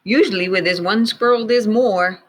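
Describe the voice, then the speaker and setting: A woman teacher reading a picture book aloud to children, gently pointing out details in the pictures as she goes. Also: mid-range voice, moderate pace, slight background noise, rough recording.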